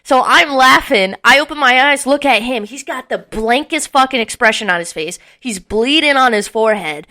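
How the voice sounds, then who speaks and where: Young woman co-host, bright voice, casual storytelling, swears a lot, acts out the quotes. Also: high-pitched, expressive, moderate pace, hardly any pauses. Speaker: podcast co-host.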